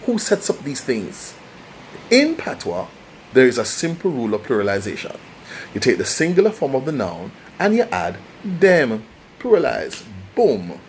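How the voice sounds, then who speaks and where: Young Jamaican man, impassioned vlogger, sweeping animated intonation, slight background noise. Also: mid-range voice, moderate pace, poor audio. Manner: passionate, preachy, rhetorical questions. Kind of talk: opinionated commentary to camera.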